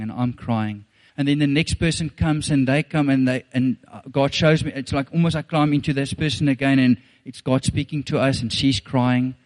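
A middle-aged pastor with a South African accent preaches a sermon. He talks in an earnest, rambling way, restarting his sentences as he tells a personal story. His voice sits at an ordinary middle pitch. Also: a little mellow.

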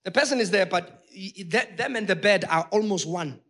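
A man preaching a sermon with passion, talking straight to his congregation and rising to shouted peaks. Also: high-pitched, a little fast. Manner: addresses the congregation directly.

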